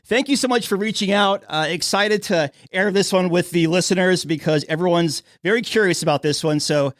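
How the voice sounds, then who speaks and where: A man's voice: sits high, a little fast, no room sound, studio quality. An American man hosting a cruise podcast, asking questions in a chatty, conversational way with fillers. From United States. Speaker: podcast host. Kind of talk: casual interview, then ad read.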